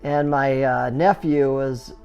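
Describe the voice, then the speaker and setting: A middle-aged man who owns a skateboard business, telling his story casually with lots of fillers and restarts, and animated sound effects. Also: medium pitch, slow, vocal fry, clean tone, dull audio, soft background music. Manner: chatty, full of "you know" fillers and restarts; animated, acts out sounds and reactions.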